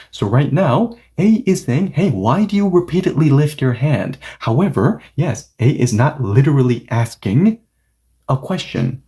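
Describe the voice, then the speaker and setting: Male language teacher, mellow voice, animated delivery, patient and explanatory. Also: medium pitch. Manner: patient, checks understanding often. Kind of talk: online grammar lesson.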